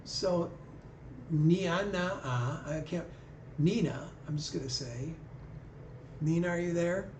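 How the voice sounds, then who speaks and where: A man's voice: fairly high pitch, slow, long pauses, a little mellow, a little hiss or hum. A man hosting a live video call with callers, talking in an easygoing, conversational way. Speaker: livestream host. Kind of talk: casual live chat with callers. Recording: echoey room.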